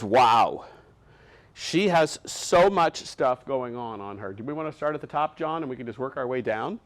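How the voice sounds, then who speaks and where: A man in a showroom, showing off pieces from his collection in a loose, chatty way. His voice sits at a middle pitch, and he keeps gushing that everything is fabulous and spectacular. He moves around while he talks. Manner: gushing, enthusiastic, lots of superlatives. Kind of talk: casual product showcase.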